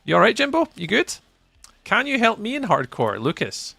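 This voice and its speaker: Young Scottish male streamer, bright lively voice with gravel, playful chat-reading, dry close mic. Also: sits high, normal speed, dry recording. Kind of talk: casual live-stream chat.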